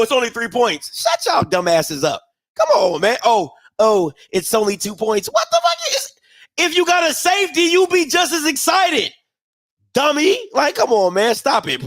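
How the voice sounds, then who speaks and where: A man's voice: very high-pitched, a bit bright, dry recording. A man hosting a live watch party, reacting heatedly to a football game and arguing with his chat. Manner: heated, ranting, swears, mocks chat.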